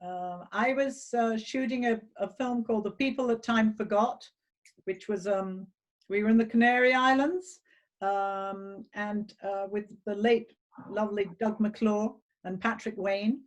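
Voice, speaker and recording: A woman tells a self-deprecating story over a video call. She is chatty and fills her pauses with ums. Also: medium pitch, steady tone. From England. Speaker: guest actress. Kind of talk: casual anecdote on a video call.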